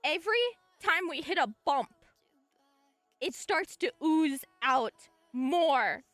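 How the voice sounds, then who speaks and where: Woman streamer, very high voice, bright and sharp tone, excitable storytelling, faint background music. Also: takes it slowly, no room sound. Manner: excitable, shrieks and laughs while telling a story. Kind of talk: animated storytelling to stream chat.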